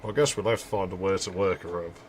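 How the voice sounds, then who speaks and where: A man's voice: deep voice, fairly even intonation, quick pace, a little hiss or hum. A man giving joking, rambling commentary while playing a game. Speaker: streamer. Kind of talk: casual gameplay commentary.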